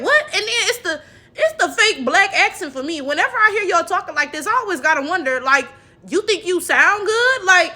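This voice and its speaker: A woman hosting a reaction commentary video, talking in an animated, sassy way with laughing asides. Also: high-pitched.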